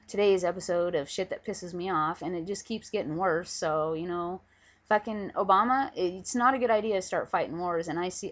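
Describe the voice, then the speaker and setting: A woman angrily ranting into a webcam at home, profane and emphatic. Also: on the low side. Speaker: vlogger. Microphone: camera on a pillow. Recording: dull lo-fi webcam audio.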